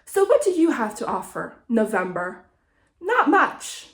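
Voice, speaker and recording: A young woman vlogging a casual, animated rant, a little sick and swearing often. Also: medium pitch, normal speed, echoey room, a little hiss or hum. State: slightly sick. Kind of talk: casual ranting monologue.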